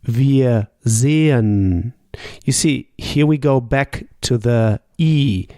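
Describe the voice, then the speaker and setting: A man leads an unhurried language lesson, pausing after each prompt before modelling the answer. His voice is mellow and has a gravelly edge. The recording is dry and close, with no room sound. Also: medium pitch, dry recording. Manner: explains slowly and patiently, models each answer. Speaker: German language teacher. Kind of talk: slow, patient language lesson with pauses for the listener.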